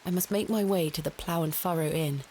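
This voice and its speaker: A woman's voice: on the low side, brisk, warm tone, natural voice. An actress voicing a polite, purposeful young woman archaeologist in a game, with a faint hiss beneath. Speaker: game protagonist.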